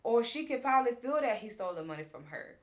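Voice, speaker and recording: A woman co-hosting a casual chat, retelling reality TV scenes at length in an animated, talkative way. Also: a little high, fast talker. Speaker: co-host reviewing a reality show.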